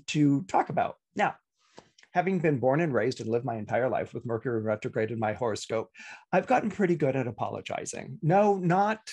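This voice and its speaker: A man's voice: on the high side, darkish tone, husky. A middle-aged man, an astrologer, talking casually on a podcast with many restarts and playful asides. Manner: chatty, many restarts and acted-out quotes.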